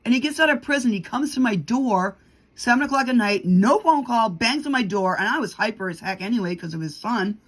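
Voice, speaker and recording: A middle-aged woman vlogs with a fairly high, brisk voice and lively intonation. She tells a story as a heated, casual rant, acting out what people said to her.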